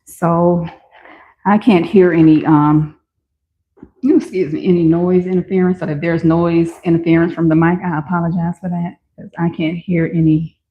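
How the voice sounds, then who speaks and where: A woman's voice: on the low side, flat delivery, moderate pace. A woman vlogger talking casually and enthusiastically to viewers while she tries on and sells shoes. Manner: chatty and enthusiastic, talks to viewers. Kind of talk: casual shop-with-me commentary. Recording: roomy, slightly dull home recording.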